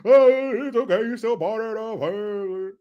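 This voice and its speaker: A man putting on a mocking impression of a male politician, halting and stammering in a drawn-out, folksy way. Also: high voice, lo-fi sound, voice pushed up, close to an everyday voice.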